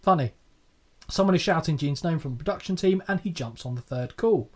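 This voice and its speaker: A man recapping wrestling on a podcast, his voice sitting a touch high for a man. He talks casually and swears freely. He laughs easily at his own crude jokes. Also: expressive, a little fast. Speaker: podcast co-host.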